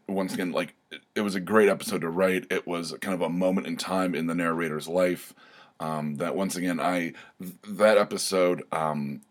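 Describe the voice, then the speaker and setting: A man with a very low, deep voice talks through a casual solo podcast update. He rambles, circles back and fills gaps with ums and you-knows, keeping an easygoing, chatty flow. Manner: rambling, many fillers and restarts. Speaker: podcast host.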